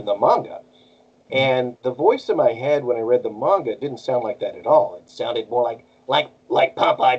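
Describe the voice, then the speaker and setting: A man's voice: medium pitch, lo-fi sound. A man who voices cartoons, chatting casually as an interview guest and jumping between bits of character voices. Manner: animated, jumps into character voices. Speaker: voice actor guest.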